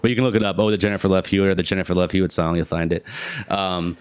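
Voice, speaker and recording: Deep-voiced man telling a funny story. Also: rapid-fire, clear, resonant tone, dry recording. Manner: animated, jumps into high-pitched voices for quoted people; laughs often, many fillers. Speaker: podcast guest. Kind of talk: casual storytelling.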